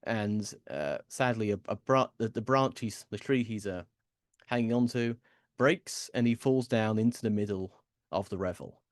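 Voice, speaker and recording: A man's voice: lowish voice, moderate pace, no room sound, clean studio sound. A man giving a casual, rambling seminar lecture, with frequent ums and restarts.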